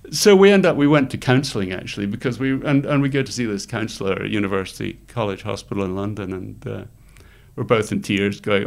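A middle-aged man, telling lively stories as an interview guest and laughing often. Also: on the low side, fast, gravelly. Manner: animated anecdotes, laughs often, acts out quoted voices. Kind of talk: storytelling in conversation.

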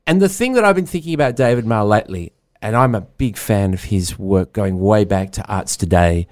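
A man's voice: lowish voice, fairly quick, darkish tone, no echo, clean studio sound. A middle-aged man co-hosting a casual arts podcast, wry and musing as he talks through a book. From Australia. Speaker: podcast co-host.

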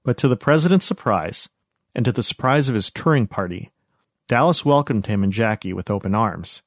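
Low-voiced man narrating history. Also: expressive, a little fast, no echo, clean studio sound. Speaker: podcast host narrator.

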